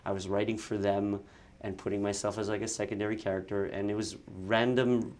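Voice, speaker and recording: A man speaking in a fairly low register, recounting stories in a relaxed interview. His delivery is lively, with quick bursts and frequent restarts. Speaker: actor and content creator, guest. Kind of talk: casual interview chat.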